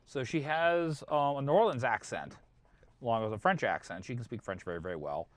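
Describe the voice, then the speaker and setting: Guy explaining stuff on a stream, kinda halting, dry sound, no room. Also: medium pitch, lively intonation, no echo. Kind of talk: casual stream chat.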